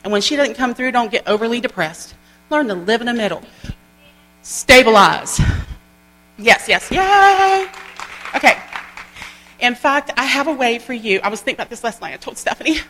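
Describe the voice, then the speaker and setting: A woman giving an animated, folksy motivational training talk to a group. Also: fairly high pitch, brisk. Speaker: sales trainer. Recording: long hall reverb with mains hum.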